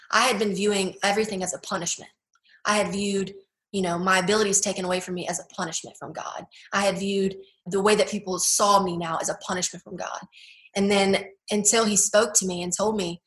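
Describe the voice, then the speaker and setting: Young adult woman guest, earnest and halting, filler-heavy, recorded in an echoey room. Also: mid-range voice, steady tone, a bit bright. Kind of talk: personal testimony interview.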